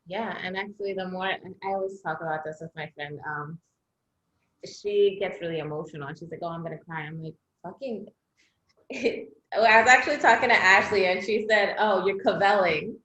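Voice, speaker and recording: A woman's voice: fairly low pitch, normal speed, a bit bright. A woman co-hosting a podcast in casual chat, blunt and swearing freely. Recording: echoey dull-sounding room recording.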